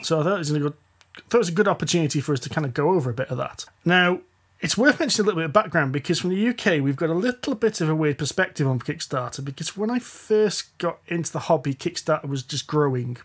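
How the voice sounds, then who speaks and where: A man's voice: fairly high pitch, animated, fast talker, fairly bright tone, husky. A man with a Northern English accent hosting a board game podcast, chatty and rambling, often laughing. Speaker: podcast host. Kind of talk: casual chat.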